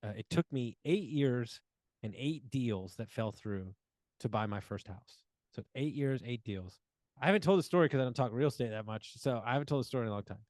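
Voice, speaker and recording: A man's voice: medium pitch, animated, brisk, a little mellow, no echo. A man in his forties telling a long personal story as a podcast guest, acting out quoted dialogue with plenty of fillers. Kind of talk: casual storytelling interview.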